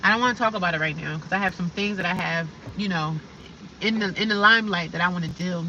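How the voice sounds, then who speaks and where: A woman's voice: lowish voice, fast, pushed and bright, recorded from a distance, highs cut off, a little hiss or hum. A woman chatting casually on a livestream from her car, rambling and talking straight to her viewers. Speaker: livestreaming vlogger. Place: inside a parked or slowly driving car.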